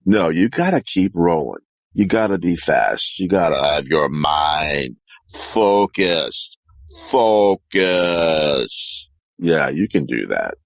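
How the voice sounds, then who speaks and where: A man practicing character voices on his own, talking in a rambling, animated way. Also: low voice, slow, no echo.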